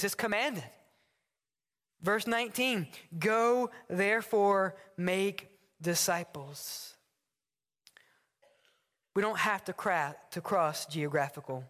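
A man's voice: sits high, measured pace. A man preaching a sermon from the pulpit, telling stories and acting out short dialogues. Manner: animated storytelling with acted dialogue. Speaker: pastor. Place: church sanctuary. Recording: long hall reverb.

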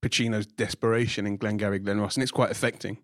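A man's voice: on the low side, fairly even intonation, fast talker, a bit bright, dry recording, studio quality. A man who programs films, talking casually with witty asides and analytical points, often saying "you know". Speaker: film programmer guest. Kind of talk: casual discussion.

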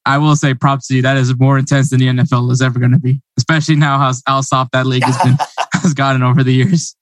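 A man's voice: medium pitch, little pitch movement, fast, dry recording. American male host, chatty, laughs often, dry close sound. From United States. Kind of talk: casual interview chat.

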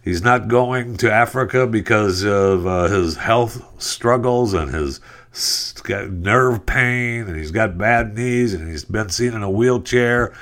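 A middle-aged man with a very low, deep voice hosts a podcast in a casual commentary style. He rambles through the news with many fillers and drops sarcastic asides as he goes. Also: takes it slowly, fairly bright tone. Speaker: podcast host.

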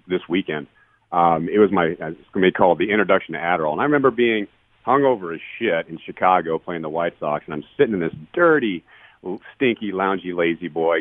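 A man in his forties speaks quickly in a very low voice, blunt and profane but earnest as he tells his story. The sound is dry and thin, squeezed through a narrow phone-like line. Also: no room sound. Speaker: guest, retired baseball player. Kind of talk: candid podcast storytelling.

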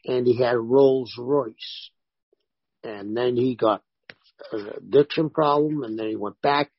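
A man, a former pro wrestler, telling animated stories in a casual interview and voicing the people in them. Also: medium pitch, unhurried, husky, no echo, lo-fi sound. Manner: animated anecdotes with voiced quotes.

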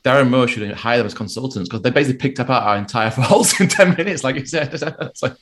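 A man's voice: mid-range voice, lively intonation, fast talker, a bit bright, a little hiss or hum. A man co-hosting a casual football podcast, chatty and self-deprecating, laughing often. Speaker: podcast co-host.

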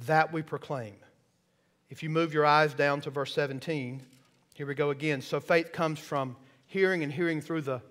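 A man's voice: a little high, fairly bright tone. A man preaching a sermon in a church, folksy and checking that the congregation follows along. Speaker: pastor. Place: church sanctuary.

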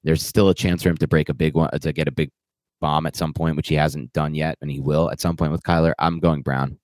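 A very low-pitched man from northern New Jersey talks fantasy football picks with firm, confident opinions. The sound is close and dry, with no room around it. It is relaxed podcast banter. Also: brisk, no room sound. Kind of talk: casual podcast chat.

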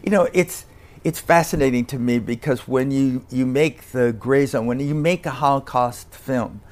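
A male podcast host with a voice of middling pitch. He leads an interview in a conversational, chatty way, with his questions running into comments. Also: moderate pace. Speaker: podcast host and film critic.

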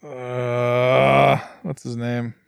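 A young man co-hosting a casual podcast chat, animated and rambling, filling his speech with "like". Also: mid-range voice, drawn-out words, vocal fry, smooth, dry recording. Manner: animated, rambling, heavy use of "like". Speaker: podcast co-host.

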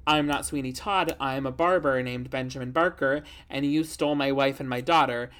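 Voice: medium pitch, normal speed, a bit bright, lightly acted. A podcast host voicing a vengeful male barber in a casual, offhand plot retelling. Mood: blunt.

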